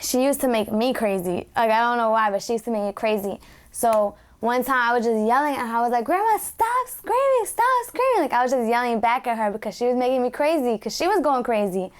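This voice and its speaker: Young woman, slightly high, smooth voice, casual rambling storyteller. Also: fast. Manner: rambling with many "like" fillers. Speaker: documentary subject. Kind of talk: personal storytelling.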